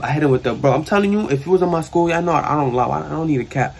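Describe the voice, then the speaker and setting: A breathy edge colors this young man's medium-pitched, fast speech, which has a New York accent. The storyteller vlogger is in his sister's bedroom for a casual storytime, rambling animatedly and leaning on slang.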